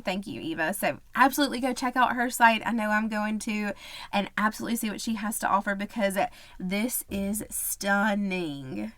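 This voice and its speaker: A woman's voice: medium pitch, a bit bright, no echo. A woman hosting a budgeting channel, talking casually and cheerfully to her viewers, often laughing and repeating words for emphasis. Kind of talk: casual chat to camera.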